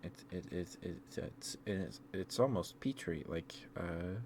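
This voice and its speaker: A man streaming ASMR, chatting softly with viewers in a gentle, affectionate and halting way. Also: deep voice, animated, a little hiss or hum. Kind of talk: soft-spoken ASMR chat with viewers.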